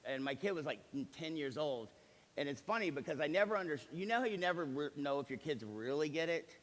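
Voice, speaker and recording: Speaking a bit high and fairly quickly, a forties-aged executive gives a motivational seminar, bringing his stories to life by performing the quoted lines. The live audience fills a large hall whose sound echoes noticeably.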